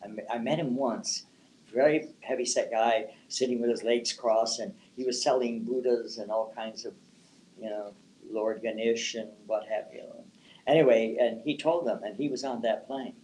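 A man's voice: mid-range voice, fairly even intonation, normal speed, darkish tone, a little hiss or hum, poor audio. An older man, a psychic and palm reader, telling rambling anecdotes in an interview and often restarting his words.

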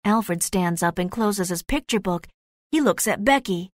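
A woman reading the narration of a graded storybook, slow and clear. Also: medium pitch, animated, dry recording, studio quality. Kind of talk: scripted narration of a graded reader.

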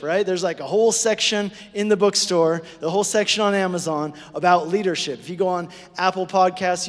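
A man preaching a sermon to his congregation, conversational and animated, often checking in with them. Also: high voice. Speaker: pastor. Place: church sanctuary. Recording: preached in a hall with long reverb.

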